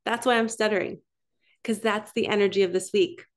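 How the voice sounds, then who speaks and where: A spiritual coach, a woman with a medium-pitched voice, gives a casual oracle card reading. She is chatty and excitable, laughing a lot and letting out gasps of wonder, her pace quick at times and drawn-out at others.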